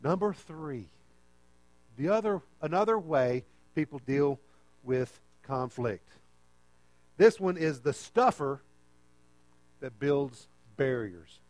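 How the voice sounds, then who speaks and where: A man's voice: on the high side, lively intonation, slow, long pauses, darkish tone, no echo. A man preaching a conversational sermon and often checking in with the listeners.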